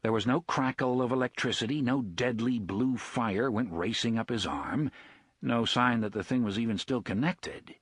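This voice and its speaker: A man narrating an audiobook in an expressive reading style. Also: medium pitch, moderate pace, breathy edge, no room sound. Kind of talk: scripted narration.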